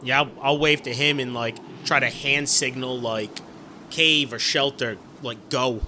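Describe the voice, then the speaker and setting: A man playing in a tabletop game, eager and quick to act. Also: mid-range voice, steady tone, bright, forceful tone, slight background noise. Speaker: player. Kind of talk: casual tabletop play.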